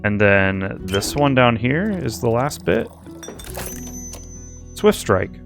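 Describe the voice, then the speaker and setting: A man's voice: mid-range voice, sing-song, takes it slowly, gravelly, soft background music. A young man hosting a casual let's-play, chatting and thinking aloud with amused energy. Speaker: host playing a game.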